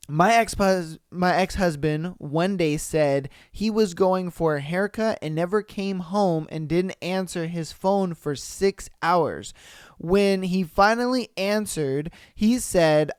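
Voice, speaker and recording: A man's voice: sits high, smooth, no echo, clean studio sound. A man hosting a podcast, reading posts aloud and reacting in casual, slangy, profane disbelief. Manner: swears freely, incredulous, slangy. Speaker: podcast host.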